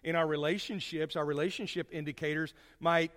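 A man preaching a sermon to his congregation, folksy and storytelling, swinging from loud to hushed. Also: fairly high pitch, steady tone, a little fast, in a large hall.

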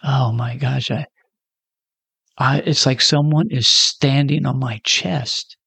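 A man's voice: medium pitch, fairly even intonation, slow pace, vocal fry, bright, forceful tone, slightly rough, no echo. A man in his sixties telling a personal story in a casual, self-deprecating way and acting out the dialogue. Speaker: storyteller giving a personal testimony.

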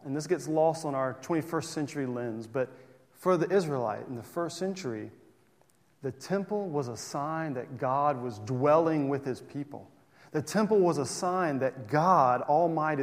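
A man delivers a sermon in a loose, conversational way, tossing out rhetorical questions and restarting his phrases. His voice sits a little high for a man, and a long reverb trails each line as if he speaks in a large hall. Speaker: pastor.

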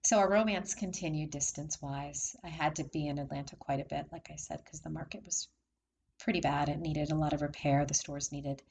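A woman's voice: deep voice, steady tone, fairly quick, gravelly, a little mellow, slight background noise. A middle-aged woman telling a heartfelt personal story in a chatty way, laughing often between lines. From from Maryland area.

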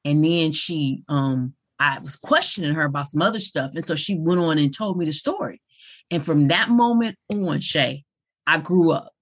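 A middle-aged woman with a husky, slightly low voice hosts a casual interview. She speaks earnestly and encouragingly, drawing on personal stories to make her point. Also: lively intonation, normal speed. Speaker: podcast host.

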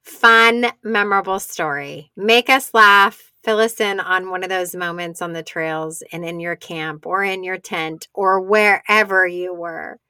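Bright, slow-talking woman host. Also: fairly low pitch, clear, resonant tone, no room sound. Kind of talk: casual interview chat.

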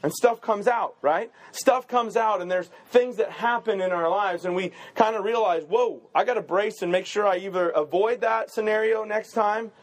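A man with a high, light voice preaches in a relaxed, conversational way. He jokes through everyday stories and keeps checking in with the room with a quick "right?". He sounds like a pastor chatting with his congregation. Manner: chatty and joking, with quick asides and rhetorical 'right?'. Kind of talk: casual conversational sermon.

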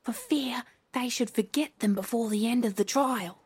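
A woman's voice: fairly high pitch, moderate pace, breathy edge. A woman voicing a griffin who whispers in reply. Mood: whispering.

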